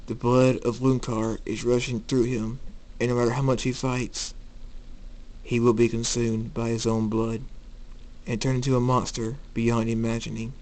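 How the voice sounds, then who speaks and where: A man voicing a solemn male master warning his students in an amateur story reading, grave and measured. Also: mid-range voice, little pitch movement, darkish tone, lightly acted, rough recording.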